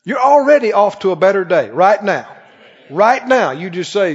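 A man preaching a sermon, reading scripture slowly and breaking into playful acted asides. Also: sits high, sing-song, husky. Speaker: pastor. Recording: muffled recording with long hall reverb.

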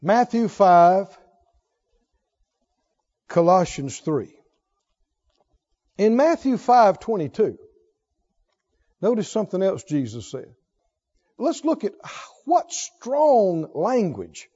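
A fervent male preacher exhorts his congregation and keeps asking for responses. His voice is strikingly high and very animated. The recording sounds dull and lo-fi. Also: slow pace, pauses often. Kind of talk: sermon.

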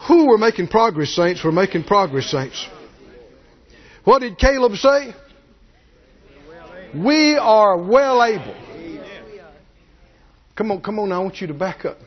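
A man preaching a sermon, animated and folksy, swinging from low asides to shouted peaks. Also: normal speed, highs cut off. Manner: folksy, jokes with the congregation.

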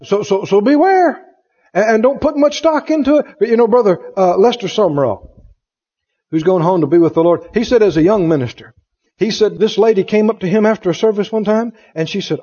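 A man's voice: high voice, brisk, dark tone. A man preaching a sermon as pastor, telling folksy stories, laughing, and acting out the people he quotes. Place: church sanctuary. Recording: dull, lo-fi church recording with long reverb. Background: congregation answering amen.

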